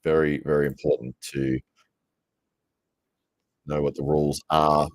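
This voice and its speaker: A man casually commentating on a live stream from his computer, chatty and quick to laugh as he rambles between tasks. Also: very deep voice, level tone, no room sound, studio quality.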